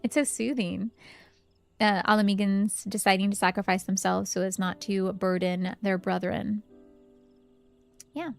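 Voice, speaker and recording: A woman streamer chatting casually during a game in a relaxed, chatty way. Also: medium pitch, creaky. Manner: relaxed, chatty, hums along. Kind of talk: casual gameplay chat.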